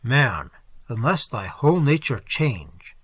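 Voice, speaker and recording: A man's voice: mid-range voice, very animated, slow, fairly bright tone, husky, dry recording, heavily acted. A man doing a solemn, prophetic stranger. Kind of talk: audiobook character voice.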